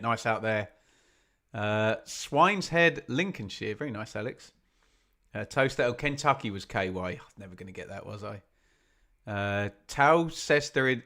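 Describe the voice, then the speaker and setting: A man with a mid-range, pushed and bright voice hosts a live football watch-along stream. He's chatty and self-deprecating, reading out messages from viewers in the chat.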